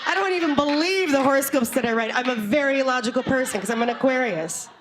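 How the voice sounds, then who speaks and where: Woman storyteller, live on stage, slightly high pitch, lively and comic. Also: quick pace, background noise. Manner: animated, laughing, comic asides. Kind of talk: live storytelling before an audience. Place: stage before a live audience.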